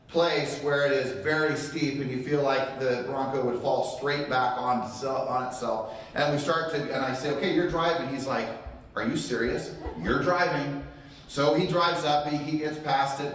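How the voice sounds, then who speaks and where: A middle-aged man with a slightly high voice tells a story to a live audience and acts out the lines of the people in it. He is recorded from a distance in a very echoey room. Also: normal speed, slight background noise. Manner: animated storyteller acting out quotes. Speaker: real estate training speaker. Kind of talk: motivational talk to a live audience. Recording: very echoey room, voice far from mic.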